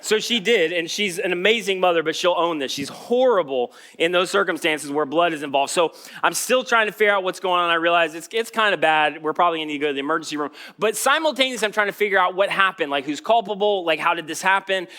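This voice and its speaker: A man's voice: sits high, lively intonation, fast talker, few pauses, pushed and bright. A man preaching a sermon as pastor, telling a story in a casual, joking way. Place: church stage.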